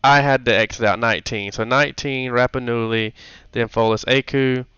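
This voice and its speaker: A man running a tabletop game as game master, halting and correcting himself as he goes. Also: mid-range voice, fairly even intonation, fairly bright tone, clear, resonant tone, no echo. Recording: dull lo-fi mic, dry.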